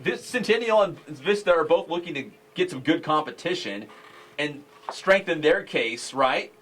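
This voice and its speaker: Guy hosting a sports show, a bit high-pitched, excited and jokey, lots of banter. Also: a little hiss or hum.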